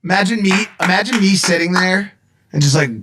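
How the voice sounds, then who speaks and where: Quick dry-voiced man chiming in. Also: high-pitched, background noise. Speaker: podcast co-host. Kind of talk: casual chat.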